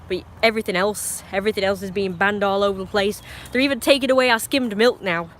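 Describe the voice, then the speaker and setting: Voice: mid-range voice, fairly bright tone, a little hiss or hum. A live streamer with an English accent, talking in a meandering, opinionated way with frequent restarts and asides. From England. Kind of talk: rambling casual chat on a live stream.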